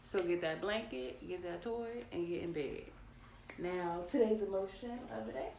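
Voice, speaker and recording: A woman's voice: medium pitch, normal speed, gravelly, darkish tone, slight background noise. A woman, hosting a chatty, playful bedtime story reading for kids. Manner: chatty, playful, talks to her audience. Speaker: children's book reader. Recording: echoey room with faint ambience.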